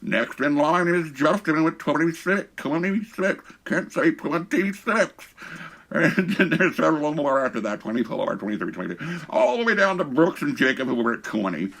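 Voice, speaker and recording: A man's voice: fairly high pitch, very animated, moderate pace, gravelly, a bit bright. A man co-hosting a podcast in a casual, playful and teasing way. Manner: playful and teasing, with a bouncy up and down delivery. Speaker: podcast co-host. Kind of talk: casual chat.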